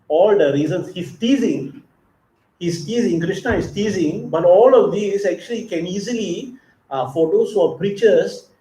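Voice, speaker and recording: A man's voice: high-pitched, mellow. A man giving a scripture class, reading verses and then explaining them in casual asides, chuckling often. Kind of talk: sermon. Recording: echoey temple hall.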